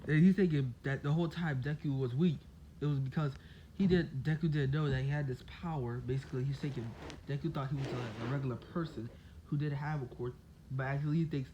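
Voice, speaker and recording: A man's voice: mid-range voice, steady tone, a little fast, highs cut off, background noise. A man casually telling a made-up fan story, rambling with lots of "like" and "basically".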